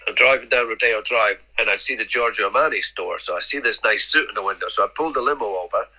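A middle-aged man, guesting on a podcast, rambles through casual anecdotes, repeating words and acting out dialogue. He talks fast in a lowish, sharp-toned voice, and the audio is poor.

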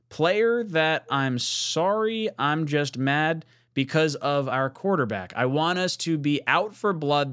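A man hosting a casual sports talk show, his pitch swinging up and down as he gets excited. He reads viewer messages, jokes, and swears casually. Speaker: podcast host reading super chats.

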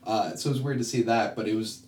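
A man co-hosting a podcast in casual chat, joking with quick asides. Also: on the low side, darkish tone, far from the mic, a little hiss or hum. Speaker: podcast co-host. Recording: roomy echo, off-mic.

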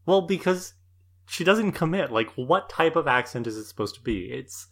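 Male co-host, expressive pitch, quick emphatic commentary in casual chat. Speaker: podcast co-host.

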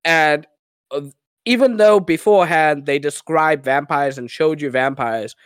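A man's voice: fairly high pitch, unhurried, smooth, no room sound. A man co-hosting a podcast in casual chat, enthusiastic and gushing, laughing often. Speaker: podcast co-host.

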